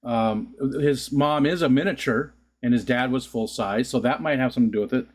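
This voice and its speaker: A man's voice: medium pitch, brisk. A man hosting a casual home livestream, chatting to his viewers in a loose, rambling way and laughing often. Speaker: livestream host. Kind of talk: casual chat to live viewers. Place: home room.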